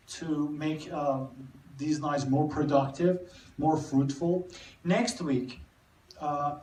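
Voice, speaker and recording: A man's voice: fairly high pitch, slight background noise. Man lecturing in an echoey hall. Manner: halting, many repeated words and restarts. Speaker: literature lecturer. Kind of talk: live literature lecture. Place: cinema hall. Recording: echoey room, mic far off.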